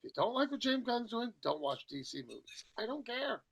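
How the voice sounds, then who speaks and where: A man's voice: very high-pitched, very animated, a little fast, vocal fry, breathy edge, poor audio. A middle-aged man hosting a podcast in casual chat, rambling and chatty as he jumps from one topic to the next. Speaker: podcast host.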